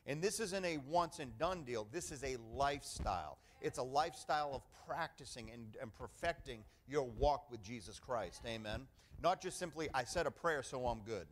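A man's voice: medium pitch, animated, moderate pace. A middle-aged man preaching a sermon as pastor, emphatic and conversational, often calling for an "amen" from the congregation.

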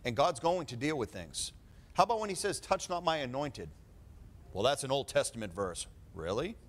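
A male preacher delivering a fervent sermon full of rhetorical questions, swinging between quiet talk and loud preaching. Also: medium pitch, big pitch swings, normal speed.

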